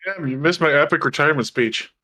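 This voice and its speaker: A man's voice: fairly high pitch, fast, bright, forceful tone. Man joking casually at the game table. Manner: joking, offhand. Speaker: player.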